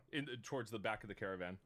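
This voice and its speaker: A man's voice: on the low side, sing-song, quick pace, pushed and bright. A man narrating a tabletop game as game master, loose and casual, often laughing.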